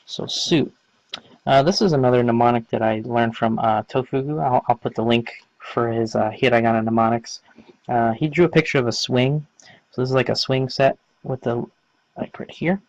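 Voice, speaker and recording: A man's voice: medium pitch, fairly even intonation, fairly quick, no room sound, highs cut off. A man casually explaining writing lessons, rambling with many fillers. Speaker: language teacher. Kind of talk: casual instructional talk.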